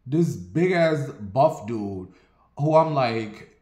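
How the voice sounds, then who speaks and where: A man casually telling a personal story on his vlog, animated and profane, with sassy asides. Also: medium pitch, slow, reverberant.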